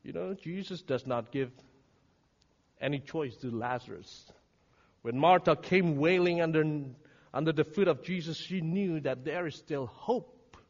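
A man preaching a sermon, dramatic and swinging from hushed words to shouting. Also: on the high side, a little slow. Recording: reverberant hall, dull lo-fi sound.

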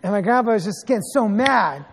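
A man in his thirties preaching a sermon as a pastor, telling stories in an animated way with sarcastic asides. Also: high-pitched, fairly quick, long reverb tail, slight background noise.

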